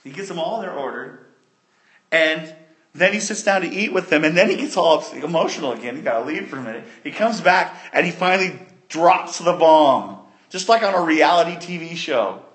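A man preaching a sermon, retelling a story in an animated way that swings between loud and soft. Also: fairly high pitch, normal speed.

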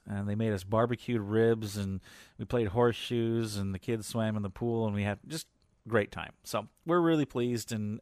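A man's voice: lowish voice, darkish tone, dry recording, studio quality. A man in his forties hosting a podcast, telling family stories in a rambling, chatty way with lots of fillers. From US Pacific Northwest. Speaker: podcast host. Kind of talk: casual personal chat.

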